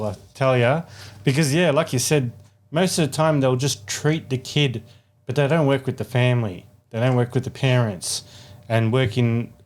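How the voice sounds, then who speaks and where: A man's voice: medium pitch, a little mellow. A man from Australia hosting a podcast, mostly giving short agreeing replies in a casual interview. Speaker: podcast host.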